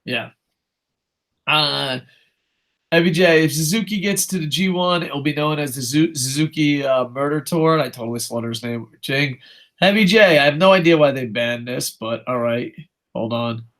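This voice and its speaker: A young man co-hosting a casual wrestling podcast, ranting in a profane, animated way. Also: fairly high pitch, normal speed. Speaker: co-host.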